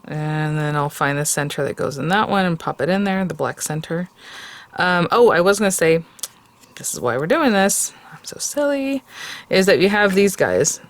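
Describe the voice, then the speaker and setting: A woman's voice: lowish voice, animated, normal speed. A woman hosting a card-making tutorial, chatty and rambling, with many fillers and self-corrections. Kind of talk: casual crafting tutorial.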